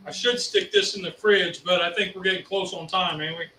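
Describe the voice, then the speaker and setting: A man's voice: high voice, fairly even intonation, brisk, sharp tone. A man co-hosting a casual cooking stream, making easygoing remarks from a distance in an echoey room. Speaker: co-host cook. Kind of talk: casual live cooking chat.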